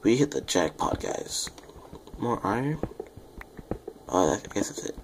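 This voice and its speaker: A young man rambling through casual game commentary, self-deprecating and chatty with viewers, with a quiet voice that sounds off the mic. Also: on the low side, very animated, a little slow, creaky, background noise. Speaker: gaming YouTuber. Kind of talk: casual Let's Play commentary.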